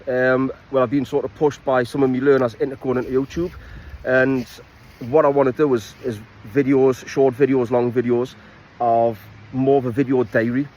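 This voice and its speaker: A man with a broad Geordie accent talks casually at a middle pitch, introducing his outdoors vlog. He pauses often with ums and rephrases as he goes. It sounds like a plain phone recording. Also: highs cut off. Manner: relaxed, with frequent ums and restarts. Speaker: falconry and bushcraft instructor. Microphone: iPhone.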